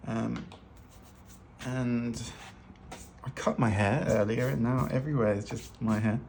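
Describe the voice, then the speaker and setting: In an unhurried, fairly even delivery, a man with a medium-pitched, creaky, slightly mellow voice teaches fashion illustration while drawing. His casual tutorial talk is loose, chatty and self-deprecating. The hands-only overhead camera recording carries slight background noise.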